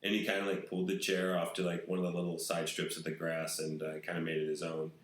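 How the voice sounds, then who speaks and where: Low-voiced man telling rambling stories. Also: completely flat delivery, fast, fairly bright tone, echoey room, rough recording. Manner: rambling storyteller, swears freely. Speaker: podcast host. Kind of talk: casual chat.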